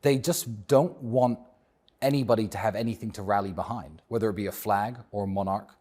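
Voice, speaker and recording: A man with a British accent, talking as a guest in an interview in a measured, reflective and outspoken way. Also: on the low side, a little mellow. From England. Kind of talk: casual interview talk.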